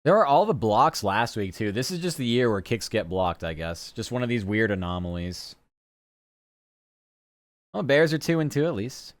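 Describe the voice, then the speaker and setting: A man's voice: lowish voice, sing-song, moderate pace, no echo. A man streaming, chatting casually and rambling loosely, with the odd swear word. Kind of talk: casual live-stream chat.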